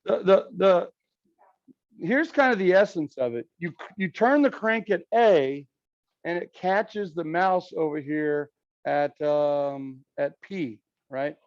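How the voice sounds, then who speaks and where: Guy teaching math, slightly high voice, keeps asking "okay?", kinda dull lo-fi recording. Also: takes it slowly, no echo. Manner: explains step by step, checks in with "okay?" and "right?". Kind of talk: classroom lecture. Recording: dull lo-fi, dry sound.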